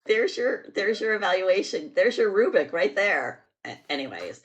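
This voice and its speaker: A woman's voice: medium pitch, very animated, moderate pace, lo-fi sound, slight background noise. A woman hosting a podcast, talking bluntly and with exasperated asides in casual chat. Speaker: podcast host.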